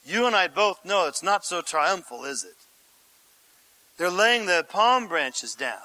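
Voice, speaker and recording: Bright-voiced preacher swinging from hush to shout. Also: male voice, sits high, very animated, a little slow, no room sound, poor audio. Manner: dramatic, swings from hushed to shouting; addresses congregation directly with questions. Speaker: pastor. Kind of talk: sermon.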